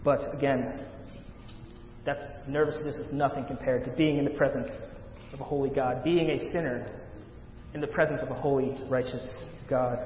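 A male pastor preaching a sermon, rising loud on scripture readings and dropping to a hush at the ends of points. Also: steady tone, moderate pace, slight background noise. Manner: dramatic swells of volume on scripture, hushed low endings. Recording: echoey hall, dull lo-fi sound.

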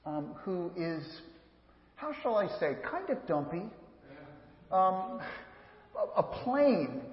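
Earnest pastor in an echoey church. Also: male voice, high-pitched. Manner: earnest, repeats and restarts phrases, speaks directly to children. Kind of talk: sermon. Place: church sanctuary. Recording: echoey church hall, slightly dull sound.

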